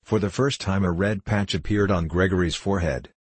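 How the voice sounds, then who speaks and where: A man narrating a novel in an audiobook, in a measured, storytelling way. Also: low voice, husky, no room sound. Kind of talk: scripted narration.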